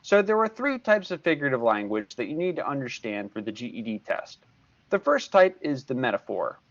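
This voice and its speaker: A man's voice: mid-range voice, very animated, fairly quick, highs cut off. A man in his sixties, a tutor giving a recorded video lesson, patient and repeating key points. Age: 60s. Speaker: math tutor.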